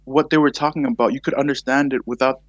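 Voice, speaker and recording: A man's voice: medium pitch, fast, dry recording. A man from Tonga, a documentary filmmaker guest talking in a casual, slangy way. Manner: casual and animated, full of "like" and "dude". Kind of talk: casual podcast chat.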